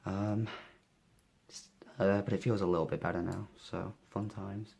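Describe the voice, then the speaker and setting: Sick young guy, low flat voice. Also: measured pace, creaky. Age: young adult. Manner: tired, mumbling, lots of fillers. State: ill with a cold, sniffly and hoarse. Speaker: vlogger. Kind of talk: casual daily vlog.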